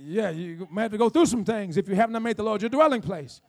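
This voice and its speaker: A man preaching a sermon as pastor, emphatic and repetitive, with call-and-response to the congregation and slow, drawn-out key phrases, in a church. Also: high-pitched, a little mellow. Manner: slows down to draw out key phrases. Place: church sanctuary.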